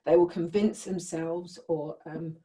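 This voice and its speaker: Woman running a workshop, low mellow voice, chatty, keeps asking the room questions. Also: fairly even intonation, unhurried. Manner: conversational, checks in with listeners. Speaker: workshop leader. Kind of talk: teaching a live group.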